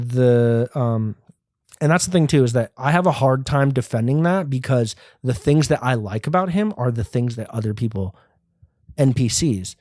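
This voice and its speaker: A man's voice: medium pitch, mellow, dry recording, clean studio sound. A man in his twenties hosting a solo podcast, rambling, profane and self-deprecating. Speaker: podcast host. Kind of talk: casual solo podcast monologue.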